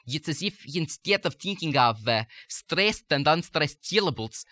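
A man talks through a dialect-coaching lesson recorded on tape. His delivery is measured and explanatory, and his tone is bright and forceful. The sound is dry and close, with no room echo. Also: mid-range voice.

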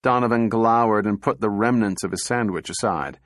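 A man narrating an audiobook in a steady, even reading voice. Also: on the low side, normal speed, no room sound, studio quality.

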